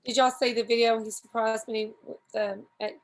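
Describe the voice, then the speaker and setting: Woman, podcast guest, rambling stories, self-deprecating, fairly high voice. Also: level tone, brisk. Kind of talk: casual storytelling chat.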